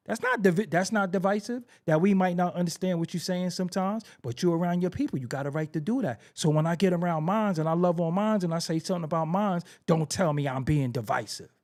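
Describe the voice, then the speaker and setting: High-voiced, fired-up New man. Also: a little fast, a little mellow. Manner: ranting, repeats phrases for emphasis, rhetorical questions. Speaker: podcast host. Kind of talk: heated opinion commentary.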